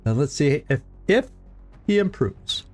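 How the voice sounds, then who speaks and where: A man's voice: on the high side, very animated, a little slow, a little mellow, soft background music. A man streaming a strategy game, talking casually to his viewers, often chuckling and repeating words as he thinks aloud. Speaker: gaming streamer. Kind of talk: casual let's-play commentary.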